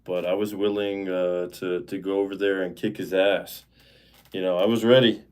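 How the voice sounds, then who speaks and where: A man's voice: low voice, level tone, normal speed, darkish tone, clean tone. Rambling, fired-up man hosting a livestream. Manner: rambling, many fillers and restarts; heated, indignant. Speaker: live-stream host. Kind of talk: casual livestream monologue.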